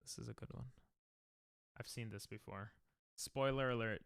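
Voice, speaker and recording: A man's voice: medium pitch, fairly even intonation, normal speed, vocal fry, very noisy. A young man streaming, giving casual reaction commentary with laid-back, laughing asides.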